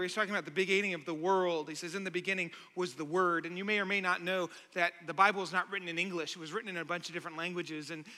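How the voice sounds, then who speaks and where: A man preaching a sermon as pastor, impassioned, swinging between loud calls and hushed questions. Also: high voice, big-room sound.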